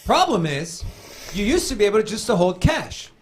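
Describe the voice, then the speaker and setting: A man's voice: sits high, normal speed. A man hosting a casual crypto show, joking and talking straight to viewers. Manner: animated, joking, addresses viewers as guys. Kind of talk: casual podcast banter.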